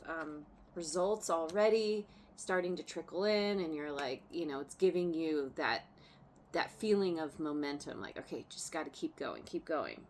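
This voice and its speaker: A woman with a lowish voice gives a relaxed, unhurried tarot reading. She chats loosely, laughs now and then and circles back over her words. A faint hum of background sound sits under her voice. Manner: chatty, laughs often, trails off and restarts. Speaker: tarot reader.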